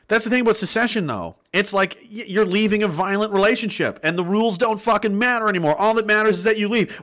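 A man's voice: high-pitched, lively intonation, moderate pace, long pauses, pushed and bright. A man in his thirties hosting a stream, reading chat messages aloud and ranting with a lot of profanity. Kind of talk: casual livestream rant.

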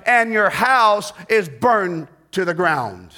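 Preaching slowly with hardly a pause, a middle-aged man with a high voice reads scripture and retells it expressively. His volume rises and falls, and he jokes with his audience.

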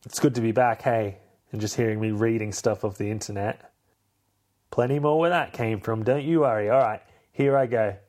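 Chatty man with a low voice. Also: normal speed, darkish tone. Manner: chatty, rambling, self-mocking. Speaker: podcast host. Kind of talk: casual chat recapping a film.

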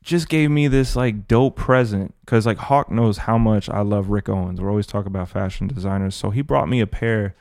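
Gravelly low-voiced man chatting, dry sound. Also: brisk, hardly any pauses, no echo. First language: French. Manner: relaxed, chatty, friendly storytelling. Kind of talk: casual podcast chat.

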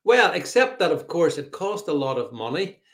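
A middle-aged man hosts a live podcast in a loose, chatty way. He has a fairly high voice for a man and stumbles through plenty of fillers as he reads out viewers' comments. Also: sing-song, moderate pace, a bit bright. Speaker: podcast host. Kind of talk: live podcast chat with co-host.

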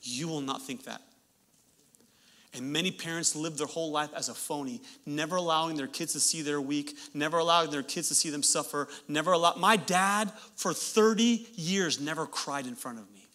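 A pastor in his thirties preaches with a very bright, forceful tone that sits a little high for a man. He delivers his sermon in an animated way, mixing earnest points with joking asides to the congregation. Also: normal speed.

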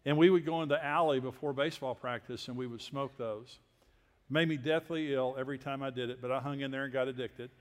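An older preacher from Texas tells personal stories from the pulpit in a folksy, self-deprecating way, dropping into quiet asides. His voice sits at an ordinary pitch for a man. It rings with the long reverb of a large hall. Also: steady tone, brisk. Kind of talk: sermon storytelling.

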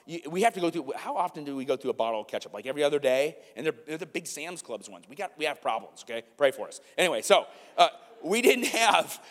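A man, preaching a sermon and telling a family story in an animated way, asking the congregation questions. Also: on the high side, fast talker, long reverb tail. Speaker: pastor. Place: church sanctuary.

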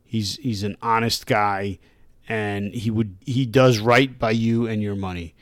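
A man co-hosting a casual podcast, chatty, reading out tasting notes in a flat list-like way on a close mic. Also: fairly low pitch, unhurried, dry recording. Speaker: podcast co-host.

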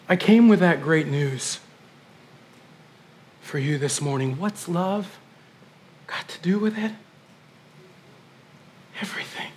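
A male pastor in his forties preaching a sermon, conversational and animated, swinging from hushed moments to loud ones. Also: extremely high pitch.

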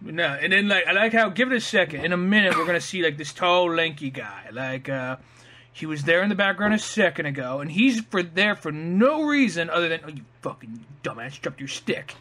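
A man's voice: a little high, animated, fairly quick, bright, forceful tone. A man joking crudely about a film he is watching with a friend, swearing and riffing on the characters. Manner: joking, profane, riffs on characters. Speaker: co-commentator. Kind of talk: crude comedic commentary on a film.

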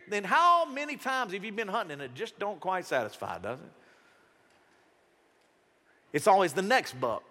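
A pastor preaching a sermon in a church auditorium, talking casually and animatedly and slipping into other voices. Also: male voice, sits high, sing-song, normal speed, long pauses, bright, forceful tone, in a large hall.

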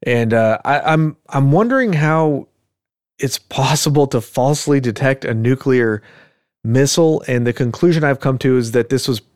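Male podcast host, casual storyteller with a joking manner, mid-pitched voice, dry close sound. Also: expressive, moderate pace, a little mellow, no room sound. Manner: joking, chuckles often, conversational asides.

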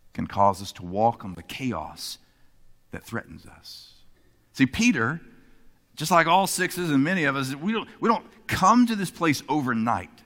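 A man preaching a sermon, moving between emphatic lines and hushed ones. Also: mid-range voice, in a large hall. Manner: expressive, swinging between emphatic and hushed delivery. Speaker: pastor.

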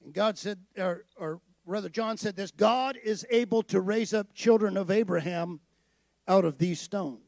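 Male preacher, gravelly, high-pitched, emphatic, dry close sound. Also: moderate pace, darkish tone, no room sound. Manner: conversational preaching, rising to emphatic declarations. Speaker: pastor. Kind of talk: sermon.

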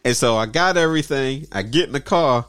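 A man's voice: medium pitch, brisk, smooth, no echo. A man telling a story in casual chat, acting out everyone he quotes. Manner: animated, acts out everyone in the story.

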